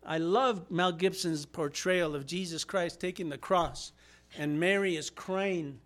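A male pastor preaching a sermon, impassioned, acting out quotes and rising to shouts. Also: high voice, a little slow.

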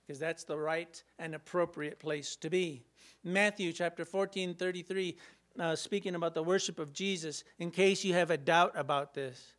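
High-voiced man preaching a sermon. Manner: animated, acts out Bible scenes with playful humor.

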